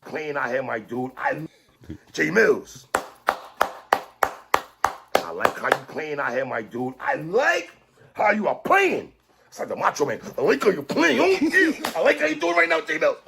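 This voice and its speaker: A man doing an over-the-top impression of a gruff male wrestler, with a loud, hammy, growling drawl. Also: a little high, sing-song, unhurried, pauses often, exaggerated voice. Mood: hyped. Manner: loud, hammy, bellowing praise. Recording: noisy replayed stream clip.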